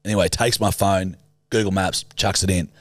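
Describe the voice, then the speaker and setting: A young Australian man with a low, fairly deep voice tells a rambling, swear-filled story to his co-host. His voice sounds close and dry, with no room around it. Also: steady tone, moderate pace, no echo. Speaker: podcast co-host. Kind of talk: casual storytelling chat.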